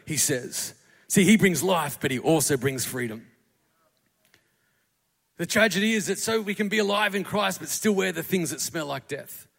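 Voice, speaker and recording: A pastor gives a conversational sermon in a church auditorium, acting out the quotes as he tells his stories. His voice sits high, gravelly and a bit bright, and the recording carries long hall reverb.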